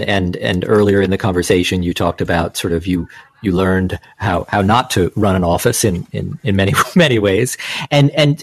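Man, interview host, very deep voice, halting repeated words, dry close mic. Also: no room sound. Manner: halting, repeats words while forming questions. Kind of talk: conversational interview.

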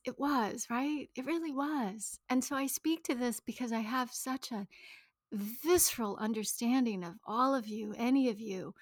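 Recorded in clean studio quality with no echo, a woman in her thirties with a slightly high voice shares her personal story about money and shame with an audience. It's an intimate, emotional talk, and she frequently slips into a whisper.

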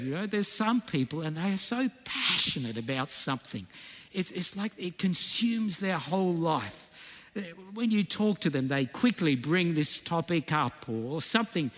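A man's voice: on the high side, very animated, measured pace, fairly bright tone, long reverb tail. A man preaching a sermon in a conversational way, often checking in with the congregation. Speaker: pastor.

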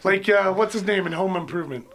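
A man's voice: high-pitched, fast, a loud crowd. A man telling rambling, jokey stories in a casual chat with friends. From Canada.

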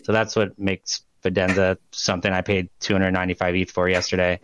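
A man's voice: deep voice, level tone, brisk, very noisy. A man co-hosting a casual chat who rambles loosely, swears and laughs often. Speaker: podcast co-host.

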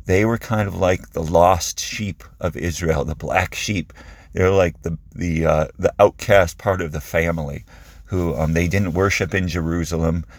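A man preaching, retelling scripture in a conversational storytelling manner. His voice is low and husky. The sound is dry and close, with little room in it. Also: fairly even intonation, unhurried, no room sound. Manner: conversational, vivid storytelling with restarts. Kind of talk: sermon retelling a Bible story.

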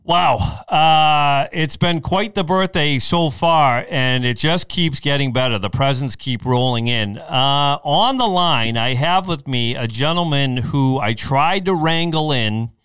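A man in his fifties hosting a podcast, boisterous and hyped, chatting excitedly with an old friend. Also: a little high, clean tone, no room sound. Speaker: podcast host. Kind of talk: excited casual chat.

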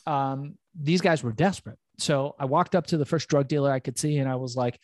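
A middle-aged man tells a story as a podcast guest, swinging into other people's voices as he quotes them and swearing as he goes. His voice sits at an ordinary middle pitch. The recording is close and dry, with no room sound. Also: fairly quick, no room sound.

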